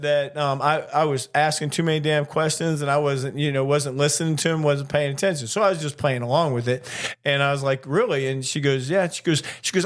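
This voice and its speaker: An older man with a slightly high voice tells a story in casual chat, laughing often and cursing freely. He co-hosts a relaxed, conversational show. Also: brisk. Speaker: podcast co-host, flight attendant.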